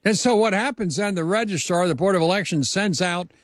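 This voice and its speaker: A man hosting a political talk interview, rambling through his points with halting fillers before putting questions to his guest. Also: sits high, no room sound, clean studio sound. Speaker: talk show host.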